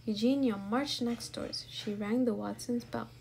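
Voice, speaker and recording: A woman's voice: on the high side, a little slow, few pauses, slight background noise. Woman reading a children's storybook. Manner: clear, expressive storytelling. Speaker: storybook reader. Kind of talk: children's book read-aloud.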